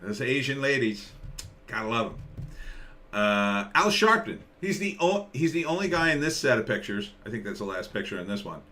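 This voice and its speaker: A male streamer talks through pictures in loose, sarcastic commentary and stops now and then to answer chat. His voice sits at an ordinary middle pitch, with a bright, forward edge to the tone. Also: very animated, normal speed. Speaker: live stream host. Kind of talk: casual commentary on a live stream.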